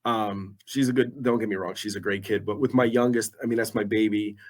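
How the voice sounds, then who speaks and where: A man's voice: fairly low pitch, fairly even intonation, a little fast. A man in his forties, a radio DJ guest, chatting casually in a laid-back, self-deprecating way. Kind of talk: casual chat.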